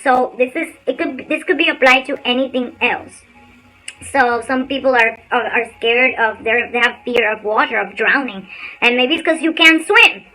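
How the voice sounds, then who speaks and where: Brief: high, bright-toned woman host, blunt, lively motivational storyteller, faint music under her. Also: moderate pace, low-quality recording. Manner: animated storyteller, blunt and swears casually. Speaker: spiritual insights channel host. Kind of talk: casual motivational talk on a livestream.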